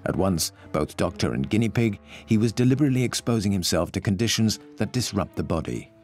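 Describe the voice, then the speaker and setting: A man narrating a science documentary in a measured, explanatory way. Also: fairly low pitch, expressive, a little mellow. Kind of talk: scripted narration. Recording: faint music behind.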